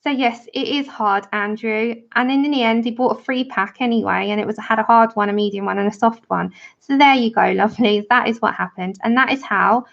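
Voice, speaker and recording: A woman's voice: a little high, fairly even intonation, a little fast, vocal fry, muffled recording. A woman chatting and telling stories while colouring on a livestream, laughing often. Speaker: livestream host.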